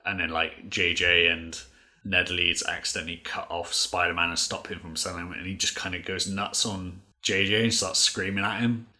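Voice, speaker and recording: A man with a very low voice and a bright, forceful edge co-hosts a casual podcast. He rambles through his recaps, leaning on "like" and "uh" as he goes. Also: little pitch movement, moderate pace. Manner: rambling, many "like" fillers. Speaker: podcast co-host.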